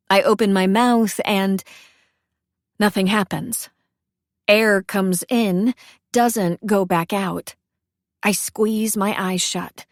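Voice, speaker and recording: Young woman narrator, wry and self-deprecating, unhurried pace, dry close sound. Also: medium pitch, no room sound. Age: young adult. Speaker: audiobook narrator. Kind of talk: first-person romance narration.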